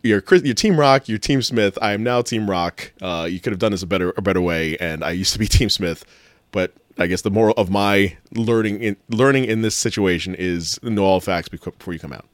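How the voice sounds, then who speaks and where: A man talking in a rambling, animated way on a casual podcast, often restarting his sentences and swearing casually. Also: fairly low pitch, fairly quick, dry recording, clean studio sound. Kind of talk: casual chat.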